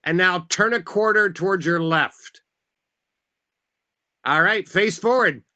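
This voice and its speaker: A man's voice: high voice, slow pace, pushed and bright, dull audio. A man leading a group line dance as event facilitator, upbeat and calling out steps and counts over a video call.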